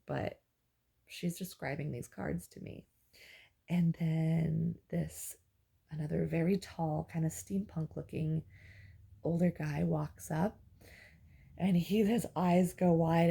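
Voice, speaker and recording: Gravelly, husky woman rambling through a dream. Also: deep voice, dark tone. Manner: rambling, halting with fillers and restarts. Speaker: dream journaler. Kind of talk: casual spoken dream recounting.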